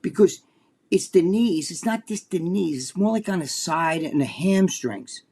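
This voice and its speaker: A man's voice: sits high, lively intonation, unhurried, dark tone. A man co-hosting a casual chat show, telling a long, rambling story full of swearing. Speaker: co-host.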